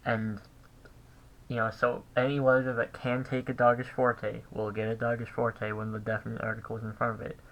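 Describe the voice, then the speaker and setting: A man giving a casual recorded language lesson, thinking aloud with pauses and restarts. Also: medium pitch, monotone, a bit bright, poor audio. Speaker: language teacher.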